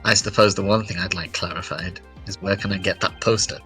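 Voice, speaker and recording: A woman voicing a cool, formal male prosecutor with measured, deliberate speech while reading game dialogue. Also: rumbling low, steady tone, a bit bright, soft background music, pitched below the performer's own voice. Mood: composed.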